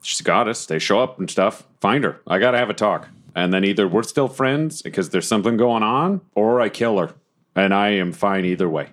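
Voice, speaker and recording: A man with a fairly low voice plays his character in a tabletop game. His delivery is dry and low-key, even when the talk gets heavy. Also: fairly quick. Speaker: player.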